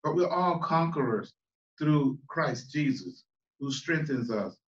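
A man's voice: a little high, lively intonation, slow pace. A man, a pastor, preaching in a plain-spoken, conversational way to a choir Bible study in a church, stressing and repeating his key phrases. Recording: echoey room, voice far from the mic, dull sound.

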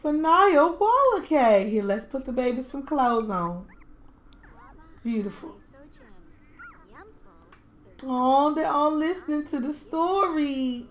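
A woman's voice: high voice, takes it slowly, long pauses. Doting woman gushing over her game. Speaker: game streamer. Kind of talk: casual gameplay commentary.

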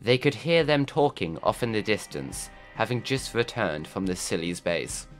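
A man narrates a survival-game story in a wry, scripted style, his pitch rising and falling a lot. Faint music runs behind him. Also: sing-song, normal speed.

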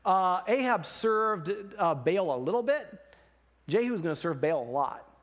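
A man's voice: sits high, expressive, measured pace. A man voicing a fierce ancient warrior king who speaks bluntly and commandingly, in casual modern phrasing. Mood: sly.

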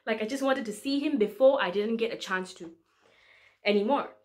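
A woman's voice: on the high side, normal speed. A young woman in her twenties, a medical student preaching, telling a personal testimony in an earnest, emotional way, acting out her prayers with feeling. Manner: earnest, emotional storytelling with lively quoted prayers. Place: church online service recording.

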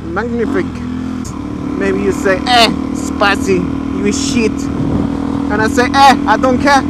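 A man's voice: high voice, unhurried. A man putting on an exaggerated fake French accent as a boastful, silly biker, talking in broken grammar for a motorcycle vlog. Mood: hammy. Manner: hammy, playful, broken grammar. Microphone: helmet-mounted action camera mic. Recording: loud wind and engine noise.

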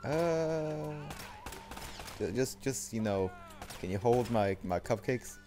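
A man's voice: mid-range voice, animated, slow pace. A young man commenting casually on a game he is playing, swearing, joking and talking to himself. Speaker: gameplay commentator. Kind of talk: let's play commentary. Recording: game music behind the voice. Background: game music.

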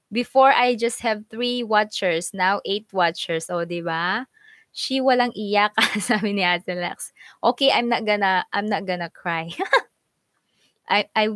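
A woman's voice: medium pitch, no room sound. A woman hosting a casual live stream, bubbly, reading out and greeting viewers by name.

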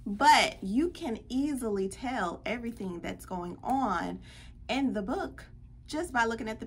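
A woman's voice: a little high, fairly bright tone, slight background noise. A woman leading a children's storytime, playful and talking straight to the kids. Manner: playful, addresses children directly. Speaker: children's librarian. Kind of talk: storytime read-aloud.

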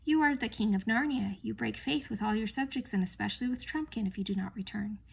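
A small, brave talking mouse speaks with slow, formal courtesy, as a woman reading aloud puts him on. His voice comes through husky and gravelly. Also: a little high, exaggerated voice.

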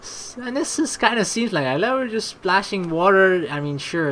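Lively young woman gamer reading aloud. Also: on the low side, normal speed, few pauses, slight background noise. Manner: chatty, swears and laughs at own jokes. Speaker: let's play gamer. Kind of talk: casual gameplay commentary, reading game text aloud.

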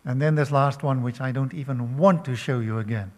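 An older man preaching a sermon, slow and emphatic, asking his listeners questions. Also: mid-range voice, a little mellow. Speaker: pastor.

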